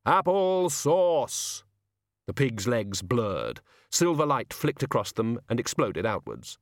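A man narrating an audiobook in a measured, dry storytelling manner, close to the mic. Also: on the low side, wildly swooping pitch, dry recording. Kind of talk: scripted narration.

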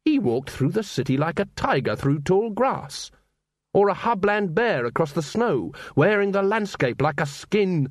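A man narrating a novel as an audiobook in a measured, expressive way. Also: high-pitched, dry recording. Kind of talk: scripted narration. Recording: dry close studio sound.

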